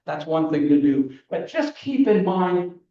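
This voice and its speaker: A man's voice: fairly high pitch, sing-song, unhurried. A man judging entries in a photography competition over a video call, explaining with enthusiasm and frequent restarts. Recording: echoey, distant, muffled video call audio.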